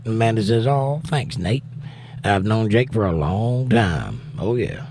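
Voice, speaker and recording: A man's voice: fairly low pitch, expressive, measured pace, darkish tone, slight background noise. A tired middle-aged man hosting a casual live stream, reading viewer comments aloud and answering them with laid-back, wry remarks. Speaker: livestream host.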